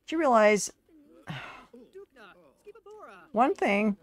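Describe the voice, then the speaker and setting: A woman with a somewhat low voice runs casual commentary over her game. She talks to the characters on screen as if fussing over her own kids. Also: a little slow, pauses often. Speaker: gaming video creator.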